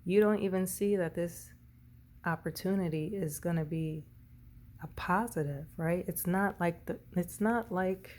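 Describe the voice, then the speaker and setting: A woman's voice: on the low side, darkish tone, slight background noise. A woman doing a casual tarot reading, rambling and often correcting herself. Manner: rambling, self-correcting, tongue-tied. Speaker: tarot reader.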